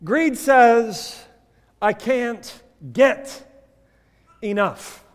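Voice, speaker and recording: Male pastor preaching in a church; unhurried, wide-ranging voice that jumps from loud emphasis to soft asides. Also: on the high side, big-room sound. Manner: animated preaching, swinging from loud emphasis to quiet asides, telling a joke story. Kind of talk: sermon. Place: church sanctuary.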